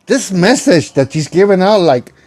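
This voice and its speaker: A man's voice: high voice, very animated, moderate pace, darkish tone. A man from Puerto Rico hosting a reaction video, explaining his view in a casual, conversational way. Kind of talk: casual commentary.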